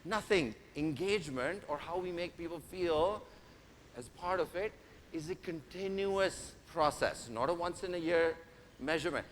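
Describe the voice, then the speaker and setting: A man's voice: a little high, expressive, moderate pace. A man giving an interactive keynote speech, playfully teasing and directing the audience from a stage microphone. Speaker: keynote speaker. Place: large conference hall. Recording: reverberant hall, faint noise.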